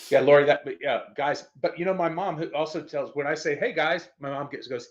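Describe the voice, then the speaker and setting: A man's voice: fairly high pitch, fairly quick. A man co-hosting a casual chat show with viewers, joking about himself with lots of stammered restarts. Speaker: co-host of a slots show. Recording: slightly dull lo-fi sound.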